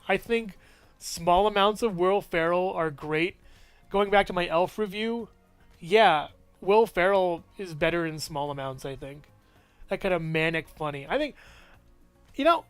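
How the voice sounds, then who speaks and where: A man's voice: sits high, clean tone, no echo. A man giving a casual, rambling movie review with lots of enthusiasm and frequent laughs.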